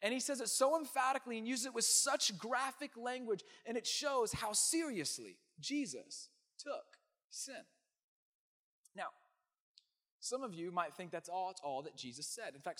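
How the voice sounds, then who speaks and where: A man preaching a sermon as pastor, emphatic, swinging from loud declarations to hushed asides. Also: high-pitched, expressive, moderate pace.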